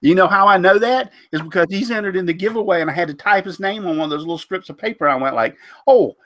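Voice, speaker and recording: Congested with a cold, the host of a woodworking live show talks quickly in a high-pitched, fairly bright voice. His casual stream rambles, full of fillers and stumbles over names, in a dry recording.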